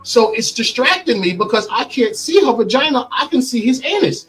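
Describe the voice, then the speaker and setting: Husky man bluntly retelling his story. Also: very high-pitched, very animated, moderate pace, fairly bright tone, soft background music, low-quality recording. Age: middle-aged. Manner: blunt, vivid retelling with quoted dialogue. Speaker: interview guest telling his story. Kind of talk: candid interview storytelling.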